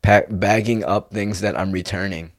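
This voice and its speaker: A young man rambles through a casual monologue in a lowish voice, laid-back and loose. He tosses "dude" into nearly every thought. The sound is dry and close, with little room around it. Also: steady tone, moderate pace, no room sound. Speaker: vlogger.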